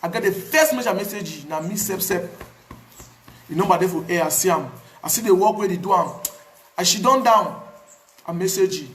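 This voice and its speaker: A man with a Cameroonian Pidgin English accent tells his own story in a casual, animated way, repeating words for emphasis. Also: high-pitched, moderate pace, pauses often, reverberant. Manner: animated, repetitive, pidgin phrasing. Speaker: activist.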